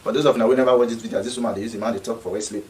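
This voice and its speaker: A man's voice: lowish voice, steady tone, racing, a little mellow, recorded from a distance, low-quality recording. A man speaking Nigerian Pidgin English, giving an indignant, repetitive casual commentary. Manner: indignant, repeats himself.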